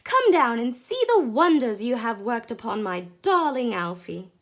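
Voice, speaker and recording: A woman reading a children's book aloud in a lively, expressive way. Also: medium pitch, creaky, slightly rough. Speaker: storyteller.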